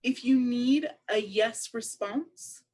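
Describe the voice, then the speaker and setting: A woman interpreting aloud for a deaf presenter at a public seminar, speaking in a measured, explanatory way. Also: fairly high pitch, mellow. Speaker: sign language interpreter voicing a deaf presenter.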